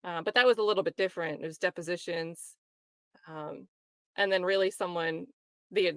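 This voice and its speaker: A woman's voice: lowish voice, no echo. Chatty woman streamer, dry close sound. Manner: chatty, laughs often, mocks quoted voices. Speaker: livestream host commenting on a trial. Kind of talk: casual livestream commentary reading chat.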